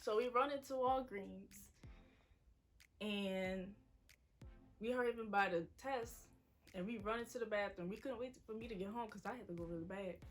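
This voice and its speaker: A woman's voice: medium pitch, moderate pace, long pauses, faint music behind. A woman, casually telling an emotional personal story to the camera. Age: 20s. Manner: casual, quoting people in her story. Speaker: vlogger.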